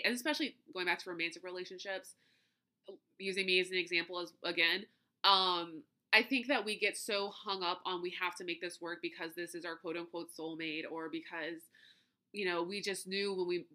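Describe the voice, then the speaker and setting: A woman's voice: medium pitch, pushed and bright. A woman hosting a solo podcast in a casual, chatty way, laughing often and tripping over her words now and then. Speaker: podcast host.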